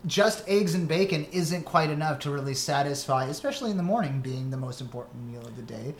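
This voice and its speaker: A man in relaxed podcast chat who rants in an animated way, his voice leaping up when he gets worked up. The room is echoey and has a faint hiss of noise behind him. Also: fairly quick. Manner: ranting, animated complaints with big pitch jumps. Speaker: podcast co-host. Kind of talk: casual chat.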